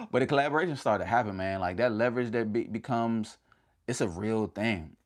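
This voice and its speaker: Low-ish voiced guy hyping up his fam on a live stream, slangy, punchy little bursts. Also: brisk. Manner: energetic and slangy, calls viewers fam; motivational, talks in short punchy bursts. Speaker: motivational YouTuber hosting a livestream. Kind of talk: casual livestream chat.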